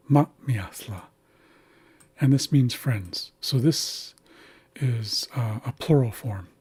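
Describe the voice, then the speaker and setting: A man guides learners through a pronunciation lesson at a deliberately slow pace, repeating each word with care. His voice is heavily breathy and husky, with a mellow, relaxed warmth. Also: mid-range voice. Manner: patient, deliberate, models words slowly and repeats them. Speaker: language teacher. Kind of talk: slow instructional walkthrough.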